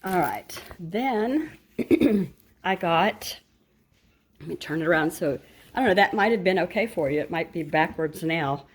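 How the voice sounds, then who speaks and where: A woman's voice: lowish voice, animated, measured pace, long pauses, husky. An older woman and grandmother chatting casually to camera about her shopping haul, rambling with asides and self-corrections. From United States. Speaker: vlogger showing a shopping haul.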